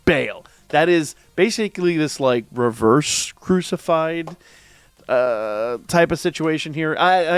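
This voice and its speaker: A man hosting a casual manga reaction review, excitable, slangy and emphatic. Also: on the high side, dry recording.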